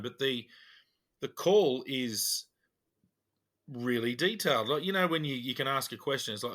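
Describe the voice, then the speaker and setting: An Australian man, a police officer co-hosting a podcast, telling stories in a casual, animated way and acting out the dialogue. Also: medium pitch, normal speed. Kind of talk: casual storytelling chat.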